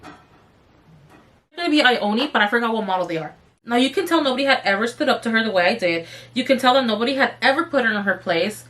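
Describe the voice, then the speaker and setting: A young woman vlogger telling a workplace story while doing her makeup, animated and swearing freely, her throat slightly strained. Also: fairly high pitch, fairly quick. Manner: animated, swearing, addresses viewers as you guys. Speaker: beauty vlogger.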